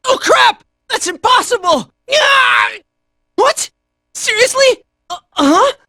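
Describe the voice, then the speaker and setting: A woman voicing a brash, cocky young fighter in a video game, shouting short battle cries and jokey taunts. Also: very high-pitched, sing-song, slow, no room sound, clean studio sound, heavily acted. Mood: hurt and cocky.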